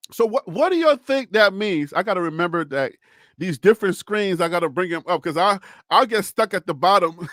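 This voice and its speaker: A man with a Liberian accent hosts a live college sports stream, chatting animatedly with viewers and reacting to their comments. He laughs often and talks to himself. His voice sits high and a bit bright, in a dry, studio-quality recording.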